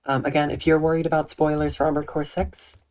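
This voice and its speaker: A streamer chatting calmly and softly with viewers on a live stream, using eloquent diction and a dry, deadpan delivery. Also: medium pitch, fast. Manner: soft, calm tone with eloquent diction. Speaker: Twitch streamer. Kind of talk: casual livestream chat reading out viewer comments.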